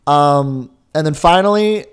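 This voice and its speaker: A man's voice: a little high, a little slow, smooth. A young man co-hosting a podcast in casual chat, rambling and jokey with lots of filler words. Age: young adult. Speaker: podcast co-host.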